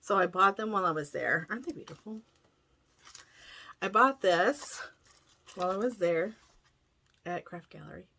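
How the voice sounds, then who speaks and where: A woman's voice: fairly low pitch, moderate pace, pauses often, sharp tone. A middle-aged woman chatting casually as a cross-stitch vlogger, enthusiastic and full of self-corrections. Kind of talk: casual chat showing a haul.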